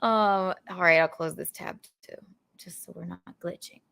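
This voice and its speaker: A woman's voice: on the low side, fairly even intonation, normal speed, creaky, fairly bright tone, clean tone. A young adult woman hosting a podcast, chatting casually and rambling with lots of giggles. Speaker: podcast host. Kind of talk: casual chat.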